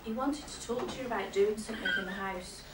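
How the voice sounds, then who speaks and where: A woman's voice: medium pitch, fast, background noise. A woman giving a medium's reading to a live audience, chatty and laughing often, checking in with her listener as she goes. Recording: echoey hall from far off.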